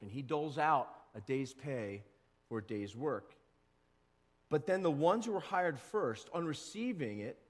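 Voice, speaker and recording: A male pastor giving a casual, animated sermon and now and then acting out grumbling workers. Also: on the high side, big-room sound. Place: church sanctuary.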